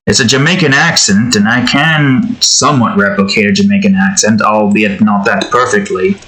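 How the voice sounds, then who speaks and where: Bright-voiced man rambling while drawing. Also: fairly low pitch, normal speed, poor audio. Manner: rambling, improvised, self-deprecating chat. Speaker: YouTube artist. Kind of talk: casual commentary while drawing.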